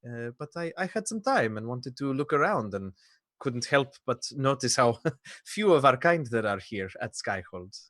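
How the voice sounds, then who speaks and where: Man doing a stiff, overly polite young elf mage with a dry, close sound. Mid-pitched, fumbling starts, sly digs. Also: very animated, normal speed, fairly bright tone, no room sound. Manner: courteous with faltering restarts, then dry barbs.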